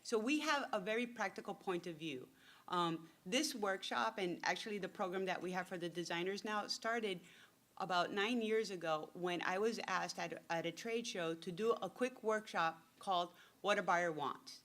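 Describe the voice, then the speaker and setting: A woman's voice: mid-range voice, moderate pace, a bit bright. A woman giving a casual, joking workshop talk as a retail buyer and consultant. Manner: chatty, joking storyteller.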